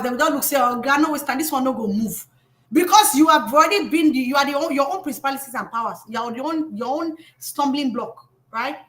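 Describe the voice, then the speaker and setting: A middle-aged Nigerian woman, a financial coach giving a live motivational talk in an animated, emphatic way that scolds with humor. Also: high voice.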